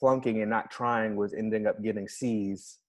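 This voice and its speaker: A young man co-hosting a podcast, teasing his friend in a dry, deadpan way. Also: fairly low pitch, normal speed. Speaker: podcast co-host. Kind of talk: casual chat.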